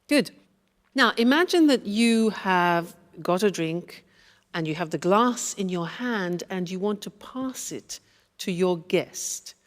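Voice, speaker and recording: A woman's voice: on the low side, lively intonation, slow, long reverb tail. A woman teaching English phrases, repeating each one patiently for learners. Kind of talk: slow explanatory lesson.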